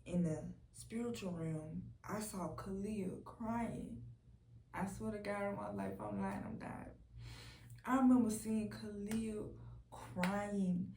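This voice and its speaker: A young woman giving an emotional personal testimony, candid and blunt, often dropping to a soft, low voice. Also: slow pace, slight background noise. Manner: candid, blunt, swears freely. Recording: roomy echo from a distant mic.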